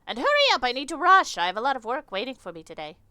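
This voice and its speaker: A woman voicing an impatient, sarcastic insect mother with mandibles, speaking in a haughty, hurried way. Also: high voice, wildly swooping pitch, sharp tone, smooth, no echo, voice pushed up, full character voice.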